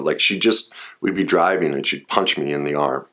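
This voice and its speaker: With a low, sharp-toned voice at a moderate pace, a man talks casually to camera as a relationship and trauma speaker. He rambles conversationally, adding personal asides, frequent fillers, and restarts.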